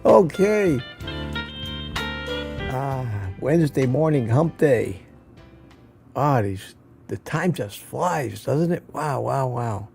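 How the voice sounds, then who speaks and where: Slow, mellow-voiced older man hosting. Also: mid-range voice, animated, gravelly, soft background music. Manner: rambling, musing, with sighs and restarts. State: out of breath. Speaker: livestream host. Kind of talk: casual morning talk.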